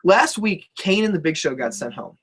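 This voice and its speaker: A man's voice: a little high, very animated, moderate pace, fairly bright tone, breathy edge. Laid-back swearing young man chatting. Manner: laid-back, swears freely, laughs a lot. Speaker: co-host of a wrestling talk show. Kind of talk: casual profane chat.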